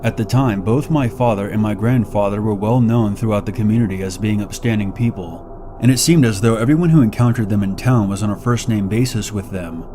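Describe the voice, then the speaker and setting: A man reading first-person horror stories as scripted narration, measured and slowing down on the eerie details. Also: on the low side, background noise.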